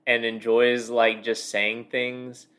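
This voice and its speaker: A man's voice: mid-range voice, flat delivery, slow pace, a bit bright, clean tone. A man co-hosting a book podcast in a casual chat, talking in long loose sentences full of fillers and restarts. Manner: rambling, many fillers and restarts. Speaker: podcast co-host.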